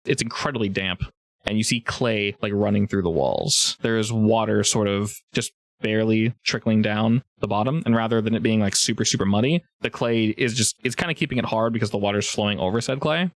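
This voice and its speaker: A man running a tabletop game as game master, narrating in a casual, halting way with many fillers. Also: lowish voice, no echo.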